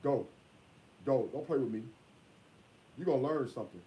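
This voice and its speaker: A father talking casually in a vlog, repeating himself and scolding in a drawn-out way. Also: mid-range voice, dark tone, slight background noise.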